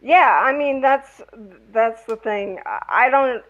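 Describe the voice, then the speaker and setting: A woman guest speaking slowly and haltingly in a casual interview. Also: fairly high pitch, narrow, tinny audio. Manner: slow, halting, measured.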